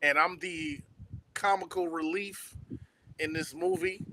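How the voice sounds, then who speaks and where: A man's voice: a little high, steady tone, a little slow, sharp tone, slight background noise. A man, an actor and comedian guest, chatting easily on a podcast. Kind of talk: casual podcast chat.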